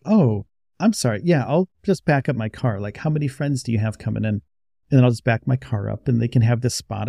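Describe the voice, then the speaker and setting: Rambling man telling a story, mellow dry voice. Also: mid-range voice, no room sound. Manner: rambling, conversational, many restarts. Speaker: YouTuber. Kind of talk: casual storytelling to camera. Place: outdoors by a roadside.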